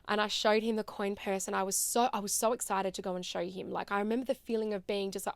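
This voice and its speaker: A woman in her thirties with an Australian accent, hosting a podcast and telling a personal story in a chatty, animated way with fillers. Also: medium pitch, fast, creaky, clean tone, no echo. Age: 30s. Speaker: podcast host.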